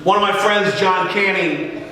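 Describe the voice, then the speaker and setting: A middle-aged pastor tells stories in a sermon, putting on the voices of the people in them. His voice is high and bright. It carries through a large church hall, with long reverb, picked up from a distance. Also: measured pace. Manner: joking, animated storyteller who acts out dialogue. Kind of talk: storytelling sermon.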